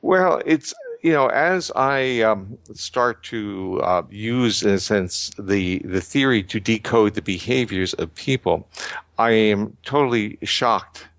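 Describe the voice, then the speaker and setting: A man's voice: fairly low pitch, slow pace, a bit bright, no room sound. An older man answering interview questions, explaining ideas at length with frequent restarts and fillers. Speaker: guest researcher.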